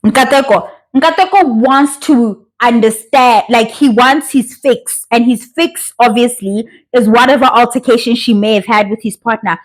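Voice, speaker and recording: A young woman from South Africa with a sore throat, chatting in an animated, opinionated way as she reviews a reality show. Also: fairly high pitch, normal speed, hardly any pauses. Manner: animated and opinionated, acts out the cast members' voices. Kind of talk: casual chat, reviewing a show.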